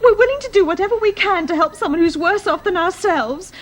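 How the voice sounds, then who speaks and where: A woman's voice: very high-pitched, animated, brisk. An actress playing an upset, tearful and indignant teenage girl in a radio drama. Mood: distressed.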